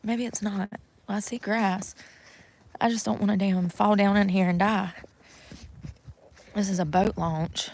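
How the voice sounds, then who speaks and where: A woman's voice: medium pitch, fairly even intonation, measured pace, pauses often, a little mellow, a little hiss or hum, low-quality recording. A young woman chatting casually to viewers on a live stream from outdoors in the snow, swearing freely as she talks. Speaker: livestreamer.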